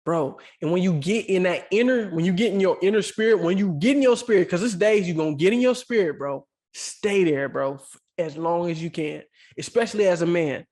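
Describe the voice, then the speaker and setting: A man's voice: high voice, brisk, a little mellow. A man co-hosting a podcast, talking earnestly and emotionally in casual slang, calling the listener "bro" again and again. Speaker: podcast co-host. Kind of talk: heartfelt casual podcast talk.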